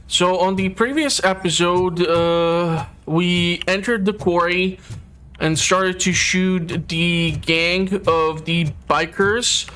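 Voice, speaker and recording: A man's voice: sits high, fairly even intonation, takes it slowly, bright, forceful tone, slight background noise. A man hosting a casual gameplay commentary, chatty and a bit hesitant. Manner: chatty, hesitant, with filler words. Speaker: host. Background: game audio and music.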